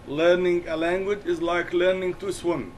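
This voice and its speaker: Male English teacher, very slow, deliberate, repeats key words for the class. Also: sits high, fairly even intonation, slight background noise, poor audio. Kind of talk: classroom lesson explanation.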